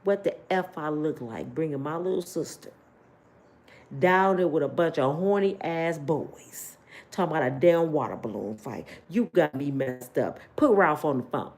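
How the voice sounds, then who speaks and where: A woman doing her gruff, blunt older brother. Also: a little high, lively intonation, moderate pace, pitched below the performer's own voice. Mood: stern. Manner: gruff, scolding.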